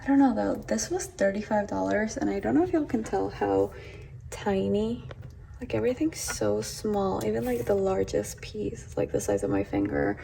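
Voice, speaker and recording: A woman's voice: medium pitch, sing-song, moderate pace, vocal fry, warm tone, slight background noise. A young woman chatting casually at home as she vlogs about decorating, gushing and saying "y'all" often. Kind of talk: casual vlog chat. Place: at home indoors.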